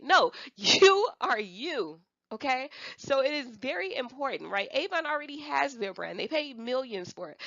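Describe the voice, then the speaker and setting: A young woman coaches her viewers in a chatty, animated way, laughing often and slipping into playful voices of other people. Her voice has a gravelly edge. The recording is dry and a little dull, with no room sound. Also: on the high side, no echo. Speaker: Avon sales representative teaching online selling. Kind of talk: casual coaching talk to viewers.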